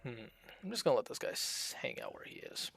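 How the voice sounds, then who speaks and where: A man streams a strategy game and talks through every move in a loose, rambling way, full of fillers and restarts. His voice has a gravelly edge, and it sounds close and dry with no room around it. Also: lowish voice, wildly swooping pitch, quick pace, a bit bright, no room sound. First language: Russian. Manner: chatty, thinks aloud, frequent fillers. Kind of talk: casual gameplay commentary.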